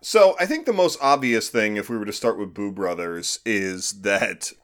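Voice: medium pitch, animated, moderate pace. A podcast co-host giving a casual, comedic film review in a laughing, easygoing way.

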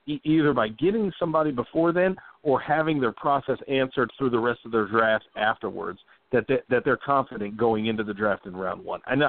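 A man hosting a casual sports talk podcast, talking emphatically and turning animated when he jokes. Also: mid-range voice, dry recording. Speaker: podcast host. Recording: dry tinny phone-like audio.

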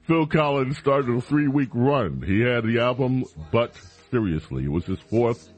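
A man's voice: mid-range voice, animated, a little slow, faint music behind. A man hosting a talk radio show, announcing and bantering playfully with his co-host.

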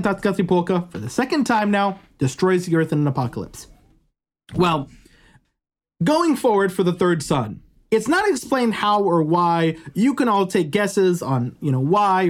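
Chatty man retelling a myth. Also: high-pitched. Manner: animated, chatty, frequent "right?" asides. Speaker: podcast storyteller. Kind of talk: casual storytelling.

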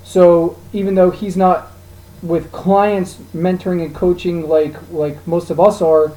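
Animated man telling stories. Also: high voice, measured pace, rough recording. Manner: animated storyteller, quotes others in lively voices. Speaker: podcast host, dog trainer. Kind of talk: casual podcast chat.

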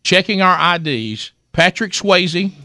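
A middle-aged man, telling a comic story in a casual chat, animated and laughing, acting out the voices of the people in it. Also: high-pitched, takes it slowly, no echo, studio quality. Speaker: storyteller guest.

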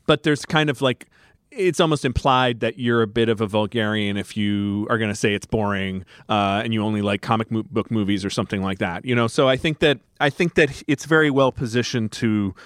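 A man's voice: lowish voice, normal speed, clean tone, no echo, studio quality. A man co-hosting a podcast, chatting casually about films, musing and restarting his sentences. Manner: musing, restarts often, lively. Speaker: podcast co-host. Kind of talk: casual film discussion.

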